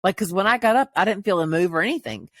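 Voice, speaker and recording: A woman's voice: medium pitch, fast talker, a bit bright, no echo, clean studio sound. A middle-aged woman co-hosting a podcast, chatting casually in rambling stories with plenty of swearing and laughter. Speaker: podcast co-host. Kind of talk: casual chat.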